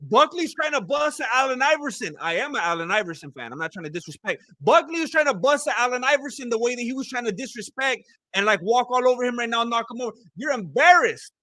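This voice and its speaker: A man's voice: extremely high pitch, big pitch swings, fast, bright, forceful tone, no room sound. A man giving casual, joking play-by-play of a live fight, rambling and repeating himself. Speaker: fight commentator. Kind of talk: casual live fight watch-along commentary.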